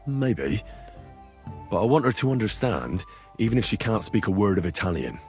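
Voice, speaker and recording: A man's voice: fairly low pitch, sing-song, moderate pace, darkish tone, soft background music. An actor playing an earnest young man, plain-spoken with a dry, wry humor. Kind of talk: video game dialogue.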